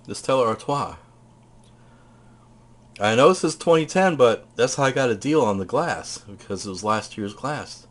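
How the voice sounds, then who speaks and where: A man's voice: medium pitch, expressive, normal speed. A man casually showing off his purchases, talking in a chatty, rambling way. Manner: chatty, rambling, tells stories; eats while talking.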